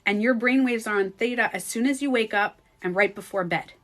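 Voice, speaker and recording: A woman vlogger telling a personal story in casual chat, animated and swearing freely. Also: a little high, fairly quick. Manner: animated, swears freely, acts out quoted speech. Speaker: beauty coach vlogger.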